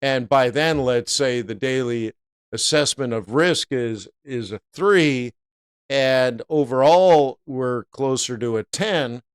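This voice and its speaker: A middle-aged man hosting a live trading stream, giving animated and jokey market commentary that breaks into loud playful bits. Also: mid-range voice, slow pace, smooth.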